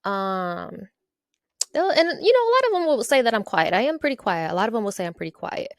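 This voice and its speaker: A woman's voice: on the high side, big pitch swings, brisk, dry recording. A woman from Ohio hosting her own podcast in a casual solo monologue, chatty and playful, tagging her lines with "okay?" and "y'all". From Ohio, USA. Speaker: podcast host.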